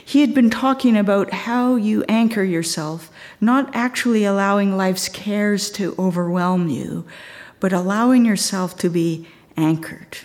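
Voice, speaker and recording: A woman retelling a true story in an earnest, measured way. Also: mid-range voice, a little mellow, long reverb tail. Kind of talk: storytelling talk.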